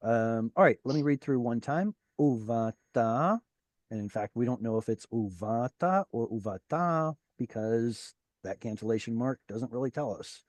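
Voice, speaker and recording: A man leading an online language class, his voice dry and close with no room around it. He explains grammar points patiently and cheers his students on. His pitch sits in an ordinary middle range. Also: moderate pace, few pauses, a little mellow, no room sound. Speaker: Hebrew teacher. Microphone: video call.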